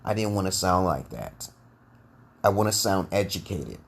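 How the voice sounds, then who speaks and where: A man's voice: low voice, lively intonation, moderate pace, vocal fry, slight background noise. A man with a New York accent hosting a rambling live monologue for his online group, tagging "okay?" onto his points and restarting sentences often. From Brooklyn, New York, USA.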